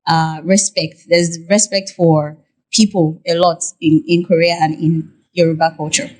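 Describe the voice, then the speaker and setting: A woman's voice: on the low side, level tone, unhurried, darkish tone. A woman with a Nigerian accent, a podcast guest talking casually and telling stories animatedly, with many fillers and restarts. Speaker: podcast guest, content creator and Korean interpreter. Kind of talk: casual interview talk.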